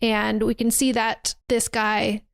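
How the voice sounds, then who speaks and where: A woman's voice: on the high side, little pitch movement, takes it slowly, gravelly, smooth, no echo, clean studio sound. A woman hosting a podcast, casually recapping a horror movie, swearing and acting out the characters' lines. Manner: chatty, acts out quotes, swears freely.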